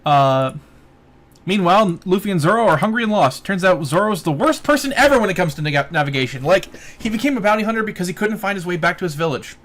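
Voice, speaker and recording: Guy with a high-ish voice doing casual anime podcast chat, reads credits, swears a lot. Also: expressive, quick pace, fairly bright tone. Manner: reads voice-actor credit lists, swears freely. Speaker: podcast co-host.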